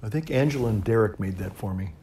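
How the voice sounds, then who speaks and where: A middle-aged man, a priest, chatting casually to camera in a relaxed, rambling way, chuckling often and pausing to puff on his pipe. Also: fairly low pitch, slight background noise. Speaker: priest and pipe-smoking video host.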